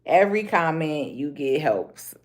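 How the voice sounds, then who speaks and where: A woman's voice: deep voice, lively intonation, measured pace. A woman with a Chicago accent ranting on a casual phone livestream, blunt and repetitive, with street slang. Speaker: livestream host.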